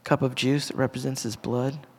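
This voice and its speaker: A man's voice: medium pitch, flat delivery, normal speed, darkish tone, breathy edge. Earnest man preaching in a reverberant hall. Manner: earnest, conversational, with frequent restarts and asides to the audience. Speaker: pastor. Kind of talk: casual sermon to a congregation. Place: church hall. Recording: long reverb of a church hall.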